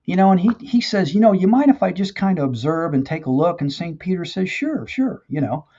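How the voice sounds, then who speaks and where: A man's voice: high-pitched, quick pace, mellow. A man hosting a live stream, telling a joke story in a folksy, rambling way with lots of fillers, then chatting with viewers. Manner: folksy, rambling, many "you know" fillers. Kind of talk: casual storytelling and motivational chat. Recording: dull lo-fi stream audio.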